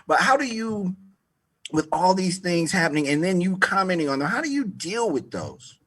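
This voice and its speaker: A man's voice: high voice, sing-song, moderate pace, a bit bright. A male podcast host asking earnest, searching questions, often restarting mid-sentence. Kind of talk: interview questions.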